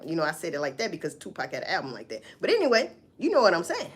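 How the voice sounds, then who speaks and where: Animated, foul-mouthed woman vlogger. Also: medium pitch, fast, hardly any pauses, husky. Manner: profane, animated, talks back to herself. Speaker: vlogger reacting to news. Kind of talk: casual news commentary.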